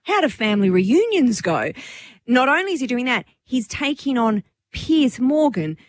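A woman co-hosts a casual radio chat. She tells gossip with a chatty storyteller's flair. Her pitch moves in a lively, animated way. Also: normal speed. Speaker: radio host.

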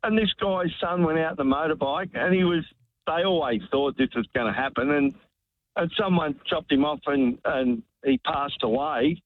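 A slightly high-voiced Australian man speaks at a moderate pace as he calls a talkback radio show. His emotional call is a rambling, heartfelt story full of repeated words, heard through a tinny, dry telephone line.

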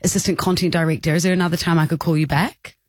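A radio host putting on a prim, formal HR caller voice with a New Zealand accent. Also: female voice, fairly low pitch, steady tone, very fast, no room sound, studio quality, natural voice. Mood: polite.

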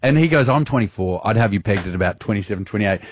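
A man in his thirties co-hosting a radio show, telling a story in an animated way and laughing often. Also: lowish voice, fast talker. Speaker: radio co-host. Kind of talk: casual radio banter.

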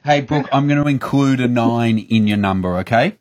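A man's voice: mid-range voice, moderate pace, a little mellow, dry recording. Australian man, radio host, teasing and upbeat, close dry studio mic. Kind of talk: breezy radio banter.

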